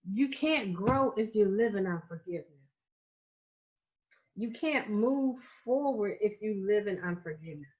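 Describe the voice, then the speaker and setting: Earnest Southern woman coaching, muffled. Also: fairly high pitch. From Florida, United States. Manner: earnest, repetitive and emphatic, slowing down to stress key phrases. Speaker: life coach. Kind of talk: livestreamed masterclass talk. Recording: slightly muffled, dull audio.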